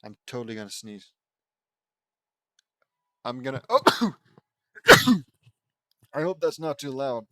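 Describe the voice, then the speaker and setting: A man's voice: mid-range voice, sing-song, takes it slowly, long pauses, sharp tone, dry recording, clean studio sound. A man casually reading his own fan fiction aloud, with self-deprecating asides and frequent self-corrections. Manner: self-deprecating, chatty, stumbles and corrects himself.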